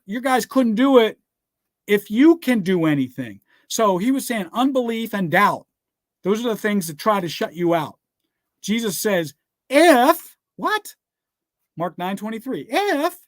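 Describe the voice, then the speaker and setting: A man's voice: high voice, no room sound, studio quality. A man giving a motivational business talk laced with scripture, speaking emphatically like a preacher, throwing out rhetorical questions and urging listeners to write things down. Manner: repeats rhetorical "guess what?" and "all right?".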